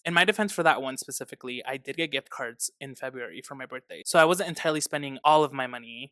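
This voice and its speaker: A young man in a chatty book vlog, animated and quick to act out little quotes. His voice is bright and clear, and the sound is dry and close. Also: fairly high pitch, no room sound. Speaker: book vlogger. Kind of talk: casual book review chat.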